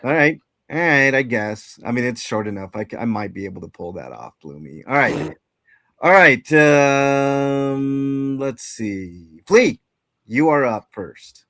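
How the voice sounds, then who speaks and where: Guy hosting a chatty show, bright voice, bouncy and hammy, dry close mic. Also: medium pitch, a little slow, no room sound. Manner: animated, laughing, hamming up dramatic readings. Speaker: podcast host. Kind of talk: casual group chat, reading viewer comments.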